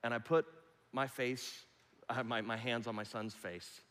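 A man preaching a sermon, with loud rising appeals that drop to hushed, almost whispered lines. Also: medium pitch, fairly even intonation, unhurried. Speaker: pastor. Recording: long reverb of a large hall.

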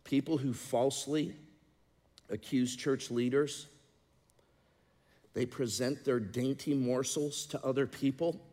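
A middle-aged man preaching as a pastor, moving between loud, emphatic passages and quieter, confiding talk. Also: mid-range voice, fairly even intonation, slow, pauses often. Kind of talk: sermon. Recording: long reverb of a large hall.

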